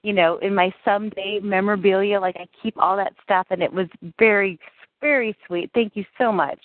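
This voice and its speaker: A woman's voice: medium pitch, fairly even intonation, a little fast, dry recording. A woman speaking as a guest on a call-in show, bubbly, affectionate and chatty. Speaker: guest actress. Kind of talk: radio call-in chat. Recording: tinny phone line.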